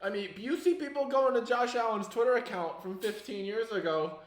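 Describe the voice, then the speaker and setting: A man's voice: high voice, normal speed. A man, a podcast co-host in casual chat, speaking in a laid-back, hedging way. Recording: echoey room.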